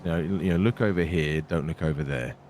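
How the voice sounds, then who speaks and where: A man with a very deep voice, speaking in character in a game role-play. His delivery is dry and scheming, peppered with "mate," over a faint background hiss. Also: brisk, darkish tone. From Britain.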